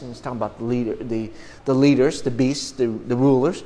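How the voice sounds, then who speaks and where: A middle-aged man preaching a sermon to a congregation, earnest, often repeating and restarting words, rising now and then to loud, emphatic bursts. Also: medium pitch, fairly even intonation, fairly quick, few pauses, long reverb tail. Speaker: pastor.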